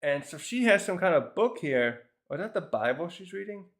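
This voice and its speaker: A man's voice: sits high, sing-song, moderate pace. A man casually reviewing a comic chapter, rambling through the scenes with lots of fillers and little chuckles. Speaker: manga reviewer.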